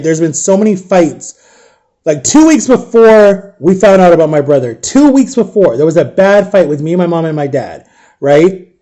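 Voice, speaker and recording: A tearful man speaks straight to his viewers in a raw, confiding monologue. His voice sits a little high for a man and has a mellow, soft tone. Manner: addresses viewers directly. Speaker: vlogger. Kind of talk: emotional storytime monologue.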